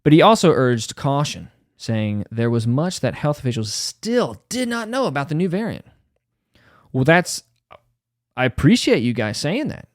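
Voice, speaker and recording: A man's voice: a little high, sing-song, normal speed, dry recording, clean studio sound. A man hosting a podcast, reading a news article aloud and breaking in with sarcastic, mocking asides. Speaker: podcast host.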